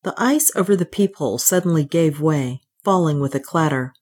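A woman narrating a story aloud in a steady, even reading voice. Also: low voice, moderate pace, husky. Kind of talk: scripted audiobook narration.

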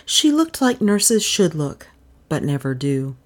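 A woman narrating a storybook with an expressive, dryly humorous reading. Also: low voice, slow.

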